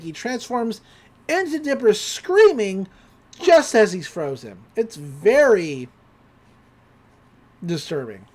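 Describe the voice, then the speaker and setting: A woman's voice: medium pitch, slow pace, pauses often. A woman hosting a podcast, chattily recapping a cartoon episode with lots of fillers. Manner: chatty, animated, filler-heavy. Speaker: podcast host.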